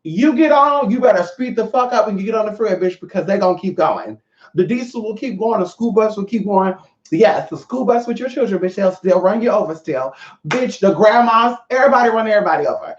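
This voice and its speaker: Profane, animated livestream host from California. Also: medium pitch, fast. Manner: profane, animated, chatty with viewers. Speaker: livestream host running online classes. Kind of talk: casual livestream rant. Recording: roomy, dull lo-fi sound.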